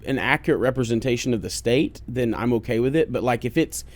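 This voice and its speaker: A man's voice: medium pitch, fast talker. A man with an Oklahoma accent co-hosting a casual podcast, blunt and joking, swearing freely at a studio microphone. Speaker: podcast co-host.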